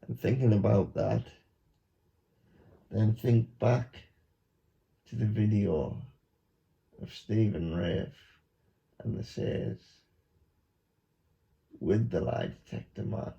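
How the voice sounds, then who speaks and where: A man, a YouTuber, giving a mock hypnosis monologue with slow, repetitive, coaxing instructions. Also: fairly low pitch, creaky, dark tone. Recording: dull lo-fi recording.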